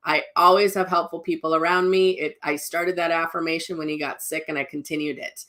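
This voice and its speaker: A woman's voice: lowish voice, pushed and bright. A middle-aged woman, a psychic medium telling personal stories in a casual, rambling way, full of restarts and asides. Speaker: psychic medium and spiritual teacher.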